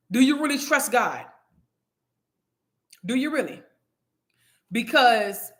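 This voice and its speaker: A woman's voice: fairly high pitch, bright, forceful tone. A woman in her thirties hosting a Bible study, telling her testimony in a casual, emphatic way full of rhetorical questions.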